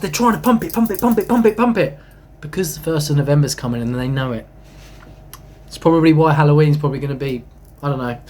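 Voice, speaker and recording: A young man, rambling excitedly about spiritual matters, swinging from hushed asides to emphatic bursts and swearing casually. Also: a little high, breathy edge. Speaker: spiritual channel host.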